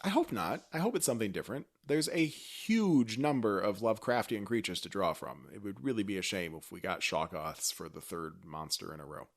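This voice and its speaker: Male podcast co-host, low-ish voice, chatty and excitable fan energy. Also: fairly quick, gravelly, few pauses. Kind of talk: casual chat recapping a TV episode.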